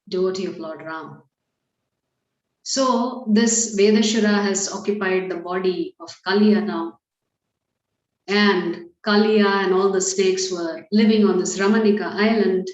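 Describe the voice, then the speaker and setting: A woman giving a storytelling sermon as a temple speaker, calm and measured, with light fillers. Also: mid-range voice. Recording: echoey temple hall.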